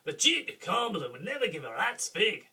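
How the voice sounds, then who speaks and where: A man voicing a brash male duke, with a put-on Scottish accent and loud, hammy bluster. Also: high voice, very animated, fairly quick, husky, recorded from a distance, pitched above the performer's own voice, heavily acted.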